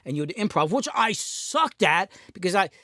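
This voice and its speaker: A man's voice: sits high, big pitch swings, normal speed, fairly bright tone, no echo, clean studio sound. Rambling middle-aged man telling stories. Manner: rambling, self-deprecating, acts out voices in anecdotes. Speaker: music producer and channel host. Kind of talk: casual storytelling rant.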